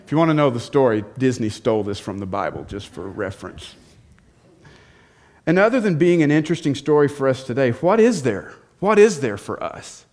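A male pastor delivers a sermon in a fairly high-pitched voice, telling the story with conversational emphasis. He keeps stopping to ask his listeners rhetorical questions. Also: a little mellow.

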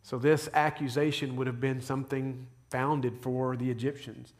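A man preaching a sermon, retelling a story with animated asides and briefly acting out what the figures say. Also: mid-range voice, moderate pace. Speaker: pastor.

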